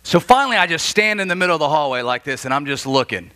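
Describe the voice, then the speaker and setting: A man in his forties from Florida, preaching a sermon as a pastor and telling stories with animated, acted-out dialogue. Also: a little high, fast talker, clean tone. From Florida, USA. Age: 40s. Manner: animated storytelling, acts out dialogue. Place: church.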